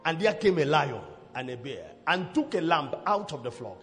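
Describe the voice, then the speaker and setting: Booming preacher man in a reverberant hall. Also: big pitch swings, measured pace, faint music behind. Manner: booming, shouting prayers and scripture. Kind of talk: sermon.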